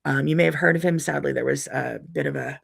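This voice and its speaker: A middle-aged woman hosts a relaxed live stream, talking in a loose, rambling way full of ums and restarts. Her voice is deeply gravelly and husky. She reads viewers' comments aloud and answers each one. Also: fast. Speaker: quilting channel host reading live comments. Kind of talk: casual live-stream chat.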